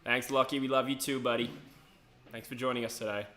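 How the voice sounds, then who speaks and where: A man's voice: medium pitch, level tone, a bit bright. A young Australian man chatting through a live football match on his stream, cracking jokes between calls of the play. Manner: chatty, jokey, quick asides and chuckles. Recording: echoey room.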